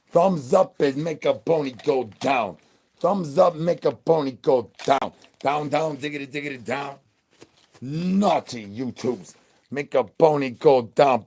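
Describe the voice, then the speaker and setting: A man's voice: mid-range voice, a little mellow. Rambling, goofy man streaming. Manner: silly, rambling, full of nonsense words and catchphrases. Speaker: streamer in zombie persona. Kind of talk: rambling comedic live-stream patter.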